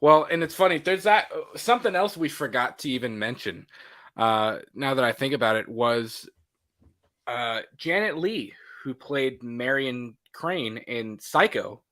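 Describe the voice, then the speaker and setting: A man co-hosting a casual movie podcast, laughing often and acting out scenes in quick voices. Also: mid-range voice, lively intonation, a bit bright. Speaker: podcast co-host.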